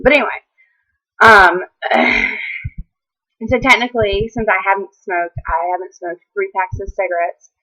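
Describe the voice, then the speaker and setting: A young woman chatting casually to camera, rambling with many ums and restarts, at times close to tears. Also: lowish voice. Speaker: vlogger. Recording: tinny phone-like sound.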